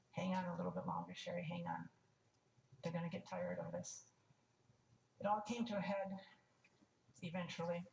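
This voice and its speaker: A woman's voice: fairly low pitch, vocal fry, darkish tone, slight background noise. An older woman telling a personal story in a frank, wry way, stopping to restart and add asides. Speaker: testimony speaker. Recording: echoey room, mic at a distance, faint ambience.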